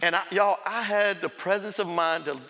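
Man in his fifties, pastor's sermon testimony, gravelly, bright, slightly high, reverberant church hall. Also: fairly even intonation, normal speed. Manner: storytelling with laughs and acted quotes. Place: large church sanctuary.

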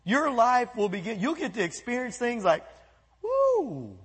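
A man preaching a sermon as pastor, animated, breaking into quoted voices and asides. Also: very high voice, normal speed, breathy edge, big-room sound. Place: church sanctuary.

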